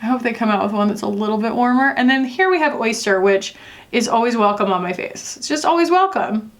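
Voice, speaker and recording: A young woman talks through her makeup in a loose, rambling way, full of fillers and asides. Her voice sits on the higher side. It sounds like a casual beauty review. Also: fairly quick. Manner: chatty, rambling, lots of fillers. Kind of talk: casual chat while doing makeup.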